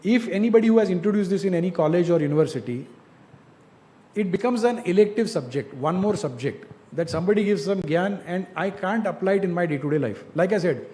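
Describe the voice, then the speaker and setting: A man's voice: sits high, expressive, brisk, warm tone. A man giving direct, coaching advice to students in an informal talk, often asking rhetorical questions. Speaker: industry speaker mentoring students.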